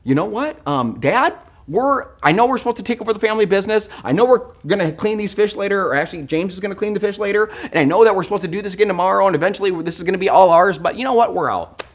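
A man preaching a sermon, voicing a young fisherman who quickly and offhandedly explains he is leaving the family trade. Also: high-pitched, animated, pitched above the performer's own voice. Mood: breezy.

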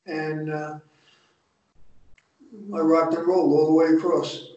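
Speaking a little slowly in a high, monotone, dark-toned voice, this retired undercover agent gives a casual interview in his New Jersey accent. The older North Jersey man's storytelling is blunt, profane, and streetwise, captured on distant, echoey, muffled remote audio.

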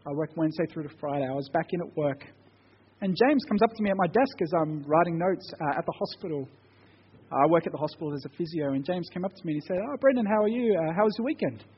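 A high, slightly husky man preaches with earnest, conversational warmth, slipping from storytelling into prayer. His voice rings out with a long church-hall reverb. The sound is dull and muffled. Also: fast. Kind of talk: sermon with personal story and prayer.

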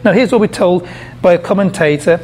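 A man with a notably high speaking voice delivers a sermon to a live congregation. He preaches emphatically, throws questions out to his listeners and repeats words as he gropes for the next phrase. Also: fairly quick, a little mellow, husky. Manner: emphatic, asks the audience questions, repeats words while searching.

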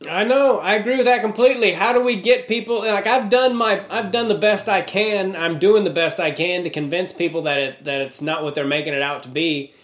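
A man's voice: high-pitched, fairly quick, hardly any pauses, fairly bright tone. A man on a video call, agreeing and rambling with many restarts. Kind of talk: casual video-call conversation. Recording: roomy, echoey sound.

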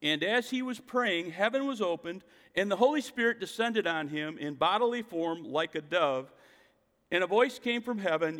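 A man preaching a sermon, leaning on his points and posing questions to the listeners. His voice sits somewhat high for a man. It rings with the long reverb of a large hall. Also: expressive, moderate pace, fairly bright tone. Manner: emphatic preaching, rhetorical questions. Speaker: pastor.

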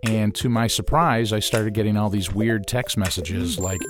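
Man from ohio, casual anecdote, animated storytelling, voice jumps up for quoted lines. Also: fairly low pitch, normal speed. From Ohio, USA. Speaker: interviewee telling a personal story.

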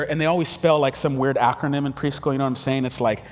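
A man preaching a casual, humorous sermon, telling stories and acting out quick quoted voices. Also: mid-range voice, fairly even intonation, big-room sound. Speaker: pastor.

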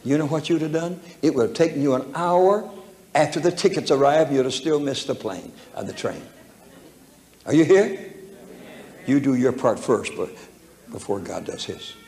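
A man's voice: medium pitch, normal speed, long pauses, darkish tone. A man preaching a storytelling sermon, folksy and humorous, chuckling as he talks, recorded in an echoey church hall. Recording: echoey hall with faint room noise.

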